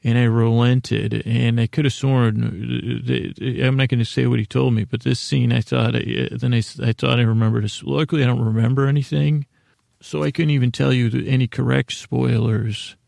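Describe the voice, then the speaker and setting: A man's voice: medium pitch, steady tone, normal speed, gravelly, a little mellow, no room sound, clean studio sound. A man hosting a podcast, recapping an episode in a casual, rambling way from his notes, often breaking off and restarting. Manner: rambling, self-interrupting, reading from notes. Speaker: podcast host.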